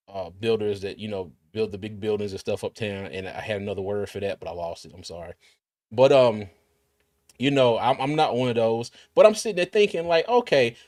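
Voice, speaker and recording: Hosting a casual livestream, a man from the Carolinas, US, speaks in a lowish, darkish-toned voice, chatting and reading out viewer comments with frequent restarts. The audio is studio quality with no room sound.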